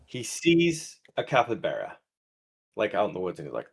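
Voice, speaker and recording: A young man co-hosting a comedy podcast, telling an absurd story in halting, rambling bursts. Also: on the low side, wildly swooping pitch, creaky, slightly rough. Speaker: podcast co-host. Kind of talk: casual comedic chat.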